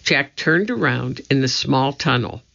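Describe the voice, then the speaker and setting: A man narrating a children's storybook in a measured, suspenseful way. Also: mid-range voice, animated, creaky, pushed and bright. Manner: slow, measured, suspenseful reading. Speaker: audiobook narrator. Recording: dull lo-fi recording.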